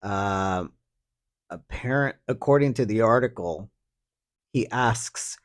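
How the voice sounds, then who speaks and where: On his solo podcast, a man with a lowish voice talks a little slowly, working through a story. His casual commentary is a sardonic, profane ramble heavy on fillers.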